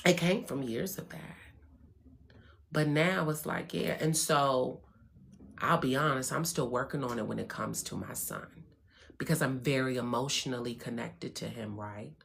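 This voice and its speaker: A woman giving a candid motivational talk as host of her own show, blunt and profane, swinging between hushed calm and loud emphatic bursts. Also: very deep voice, gravelly. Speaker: spiritual wellness host.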